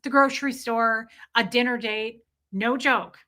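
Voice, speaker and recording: A woman in her thirties casually telling stories to her viewers, animated and candid, swearing now and then. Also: fairly high pitch, a little slow. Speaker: vlogger.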